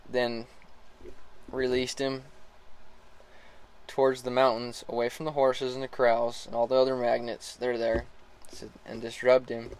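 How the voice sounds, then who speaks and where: A relaxed man spins a casual story about working a young horse. His voice sits at an ordinary middle pitch, and he chuckles now and then and trips over his own sentences. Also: measured pace, slight background noise, low-quality recording. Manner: relaxed, laughs often, restarts sentences. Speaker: horse rider starting a young colt.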